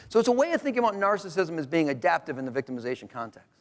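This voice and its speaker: Middle-aged professor, animated and wry, speaking at a conference in a reverberant hall. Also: male voice, fairly high pitch, very fast. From Rochester, New York. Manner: joking, animated, conversational lecturing. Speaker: professor presenting research. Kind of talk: conference talk.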